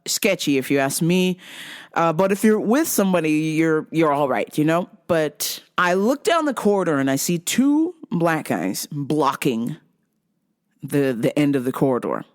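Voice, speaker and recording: A middle-aged woman vlogger tells a street story in a loose, conversational way. Her voice swoops wildly in pitch. She is profane and animated, and slips into other people's voices as she goes. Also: a little slow. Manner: animated, profane, acts out quotes. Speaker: vlog host. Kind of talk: casual storytelling.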